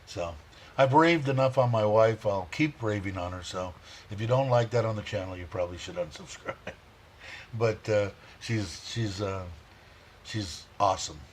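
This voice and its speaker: A man hosting a casual livestream, rambling warmly, chuckling and reading viewer comments aloud. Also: fairly low pitch, normal speed, slight background noise. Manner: heartfelt, chuckles often. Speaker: livestream host.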